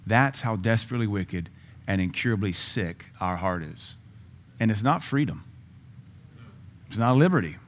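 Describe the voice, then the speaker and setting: A male pastor giving a sermon in a conversational way, with sudden emphatic rises and asides. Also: low voice.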